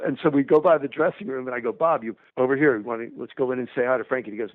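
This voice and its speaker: A man telling an animated, profane anecdote and acting out what people said. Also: medium pitch, fast, few pauses. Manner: profane, energetic, acts out dialogue. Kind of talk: animated storytelling. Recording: tinny phone-like sound.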